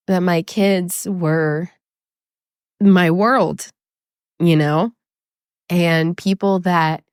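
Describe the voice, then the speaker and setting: Slow, tearful woman podcast host. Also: lowish voice, a little mellow, dry recording, studio quality. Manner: raw, emotional, blunt with swearing. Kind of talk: confessional podcast monologue.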